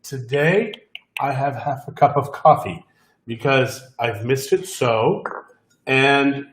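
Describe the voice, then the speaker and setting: Man, co-host, casual live-stream chat, teasing banter, middle pitch, echoey room. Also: slow. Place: home in Mexico.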